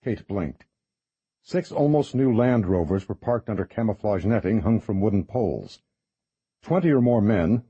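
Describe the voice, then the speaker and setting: A man reading a horror novel as narrator in a measured, even way. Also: on the low side, breathy edge, no echo, lo-fi sound. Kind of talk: scripted audiobook narration.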